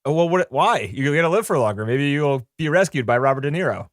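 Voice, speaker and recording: A man's voice: fairly high pitch, expressive, fairly quick, no room sound, studio quality. A man co-hosting a casual film discussion podcast, rambling and joking. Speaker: podcast co-host.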